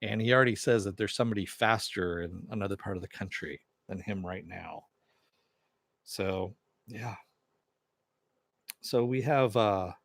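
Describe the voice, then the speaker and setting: A man's voice: on the low side, no echo, studio quality. A man reviewing a TV episode, retelling the plot in a loose, rambling way with plenty of fillers. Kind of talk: casual spoken recap.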